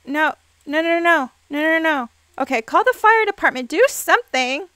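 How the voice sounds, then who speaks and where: Woman, let's play commentary, excitable, playful scolding, sharp bright tone, dry close sound. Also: high voice, moderate pace, no echo. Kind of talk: game commentary.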